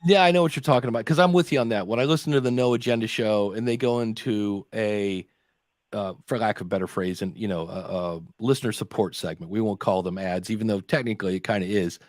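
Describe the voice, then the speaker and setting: A man's voice: fairly low pitch, quick pace, dry recording, clean studio sound. A man hosting a live podcast Q&A, talking in an easygoing, chatty way with joking asides. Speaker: podcast host.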